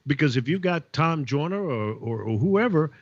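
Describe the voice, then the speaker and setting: A man's voice: on the high side, expressive, normal speed, no echo. A middle-aged man, a veteran radio DJ, telling blunt, salty stories as a guest over a video call. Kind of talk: casual interview chat. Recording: slightly dull, lo-fi call audio.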